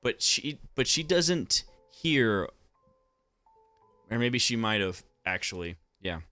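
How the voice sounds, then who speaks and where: A man's voice: medium pitch, very animated, slow pace, pushed and bright, no room sound, faint music behind. A young man giving casual anime commentary, rambling with lots of fillers and casual swearing.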